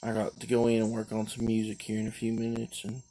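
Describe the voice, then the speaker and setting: A man's voice: lowish voice, completely flat delivery, quick pace, dark tone. A tired, drowsy man chatting casually on a live stream while sitting outdoors on his porch, rambling in a laid-back way. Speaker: livestream host.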